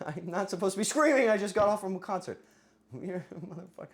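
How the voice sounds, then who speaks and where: A livestreamer with a voice going hoarse, joking crudely with chat and bursting into yelling. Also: medium pitch, animated, a little fast. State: voice getting hoarse. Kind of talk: casual livestream chat with viewers.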